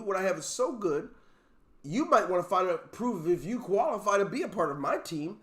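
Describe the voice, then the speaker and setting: Brief: high-pitched male team leader, emphatic motivational speaker on a video call, fires off rhetorical questions. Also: expressive, moderate pace, fairly bright tone. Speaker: network marketing team leader.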